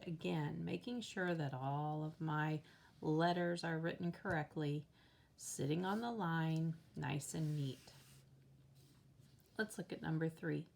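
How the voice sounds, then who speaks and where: A woman's voice: low voice, creaky. A woman teacher patiently walking children through a worksheet step by step, counting aloud as she writes. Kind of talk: slow worksheet walkthrough for children.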